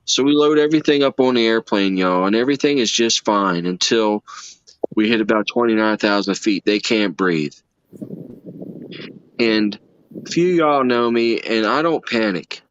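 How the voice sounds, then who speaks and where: A man's voice: fairly low pitch, moderate pace, a bit bright, smooth, dry recording. Guy on a stream telling heartfelt stories, y'all-style, dry dull sound. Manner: earnest, emotional, folksy with y'all. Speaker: livestream guest. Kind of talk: casual storytelling chat.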